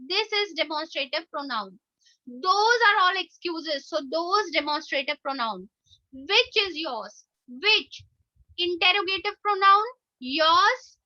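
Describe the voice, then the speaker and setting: A woman teacher with an Indian English accent, explaining grammar step by step in an online lesson and repeating example sentences slowly. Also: extremely high pitch, bright, forceful tone, dry recording. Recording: dull, dry lo-fi recording.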